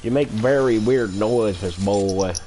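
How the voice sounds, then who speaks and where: A young man voicing a gruff scolding man in a put-on deep voice during joking voice chat. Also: heavy background noise. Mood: mock-stern. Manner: mock-stern, drawn-out lecturing. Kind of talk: joking voice chat while gaming.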